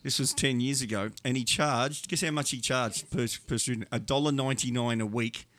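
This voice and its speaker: A middle-aged Australian man, a sports agent, telling animated stories in casual talk and acting out the voices of the people in them. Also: medium pitch, fairly quick. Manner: animated anecdotes, acts out voices in quotes. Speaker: sports agent and podcast guest. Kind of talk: casual storytelling.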